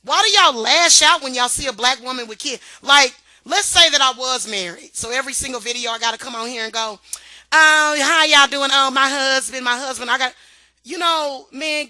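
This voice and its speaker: A woman with a fairly high, piercingly sharp voice rants to camera on her own vlog, confrontational and profane. She drips sarcasm and hammers her points by repeating them. The sound is dry and close. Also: no room sound. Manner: repeats herself for emphasis. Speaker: vlogger. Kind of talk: heated ranting vlog.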